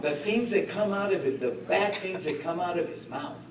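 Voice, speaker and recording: Impassioned middle-aged man, high-pitched, echoey. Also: moderate pace, very noisy. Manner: impassioned, rhetorical, with joking asides. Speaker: guest speaker. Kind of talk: political speech to a community gathering. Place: indoor community meeting. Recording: echoey room, voice picked up from a distance.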